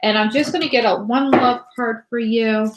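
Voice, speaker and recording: A woman's voice: a little high, normal speed, reverberant, background noise. A woman giving a live tarot reading to viewers, chatty and rambling, full of fillers and restarts. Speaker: tarot reader.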